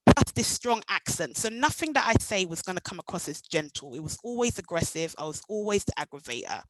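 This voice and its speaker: A woman's voice: fairly low pitch, a little fast, dry recording, poor audio. Jamaican woman telling her story. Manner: animated, acts out past dialogue. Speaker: meetup speaker. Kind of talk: personal storytelling talk.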